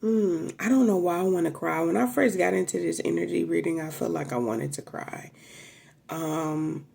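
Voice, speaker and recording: Chatty woman with a gravelly low voice. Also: normal speed, a little mellow. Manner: chatty, emotional, swears freely. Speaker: tarot reader. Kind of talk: casual tarot reading to camera.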